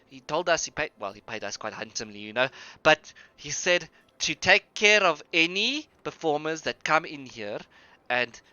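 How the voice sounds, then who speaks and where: A man's voice: a little high, pushed and bright, dry recording, dull audio. A man voicing a friendly, chatty young female tavern keeper who gushes over her guests. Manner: gushing, chatty, overly welcoming.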